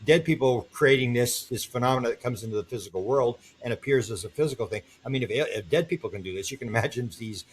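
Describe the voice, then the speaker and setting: A man's voice: medium pitch, fast talker, hardly any pauses, slight background noise. An older man, a guest on an interview podcast, telling long stories and acting out the voices of the people in them. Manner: animated storyteller, acts out quoted voices.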